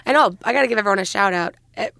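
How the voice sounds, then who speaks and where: A woman's voice: mid-range voice, racing, vocal fry, pushed and bright, no echo, studio quality. An American woman in her thirties hosting a podcast, bubbly and chatty, retelling stories with quoted voices. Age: 30s. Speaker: podcast host. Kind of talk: casual chat.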